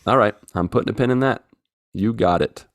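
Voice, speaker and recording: A man's voice: on the low side, a little fast, dry recording, clean studio sound. A man co-hosting a podcast, chatting casually and joking as he reads out listener messages. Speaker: podcast co-host. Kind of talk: casual chat.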